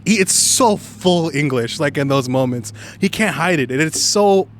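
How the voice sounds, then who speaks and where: A man's voice: a little high, normal speed, slight background noise. A young man co-hosting a podcast, rambling and laughing as he talks about a movie. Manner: rambling, animated, laughs a lot. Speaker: podcast co-host. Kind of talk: casual movie review chat.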